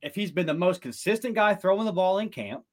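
A man co-hosting a sports talk show, making his case in an earnest, argumentative way with quick bursts of speech. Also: high-pitched, expressive. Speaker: podcast co-host.

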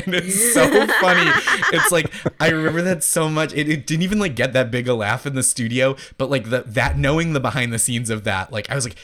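A man in his thirties from Massachusetts, a comedian guest, telling anecdotes in a chatty, animated way. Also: mid-range voice, fast, hardly any pauses. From Massachusetts, United States. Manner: animated storytelling, heavy use of "like". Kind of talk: casual interview chat.

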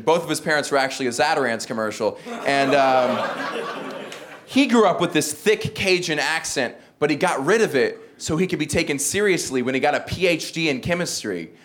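A man's voice: a little high, fairly bright tone. A man from the American South with no regional accent, doing a stand-up set in a dry, self-mocking delivery. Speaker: stand-up comedian. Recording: live show with audience laughter. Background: crowd laughter.

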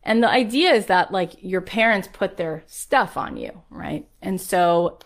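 A woman's voice: lowish voice, expressive, unhurried, vocal fry. Middle-aged woman host, motivational speaker, intimate storyteller who pushes hard and pleads with listeners. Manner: storytelling, soft and hushed at first, then rising to urgent, pleading exhortation. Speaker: podcast host. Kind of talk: motivational talk.

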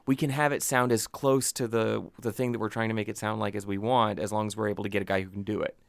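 A man's voice: on the low side, little pitch movement, fast talker, creaky, dry recording. A man on a podcast explaining things in casual chat, with dry teasing remarks. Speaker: podcast co-host.

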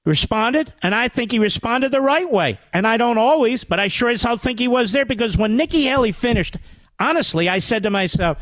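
A man's voice: extremely high pitch, animated, brisk, a bit bright, no echo. A man hosting a radio talk show, giving combative political commentary, sarcastic and indignant, often climbing into pointed rhetorical questions on a studio mic.

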